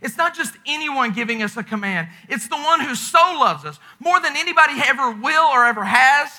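A man preaching a sermon with passion, often dropping to a hushed, intense delivery. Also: very high-pitched, expressive, fairly quick. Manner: impassioned preaching with dramatic drops to a hush. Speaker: pastor.

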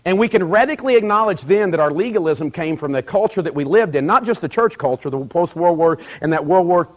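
Middle-aged male preacher, fairly high voice, chatty delivery that swells to forceful emphasis, voices the people in his stories. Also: animated, a little fast. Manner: conversational, building to loud emphatic peaks, acts out quoted dialogue. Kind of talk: sermon.

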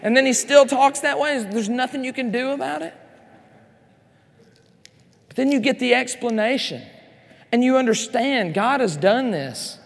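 A man with a high voice delivers an animated Bible teaching to a conference crowd. He addresses the room directly and drops in joking asides as he goes. His words ring out with a long reverb from the large hall. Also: measured pace, gravelly, long pauses. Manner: animated, speaks straight to the audience with joking asides. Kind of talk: lively teaching sermon.

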